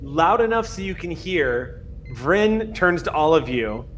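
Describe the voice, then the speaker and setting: A man narrating a tabletop role-playing game as game master, relaxed and often laughing. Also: fairly high pitch, measured pace, slight background noise.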